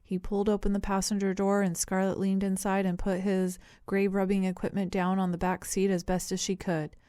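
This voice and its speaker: A woman narrating an audiobook in a measured, even storytelling manner. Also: mid-range voice, clean tone, dry recording, studio quality. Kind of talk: scripted narration.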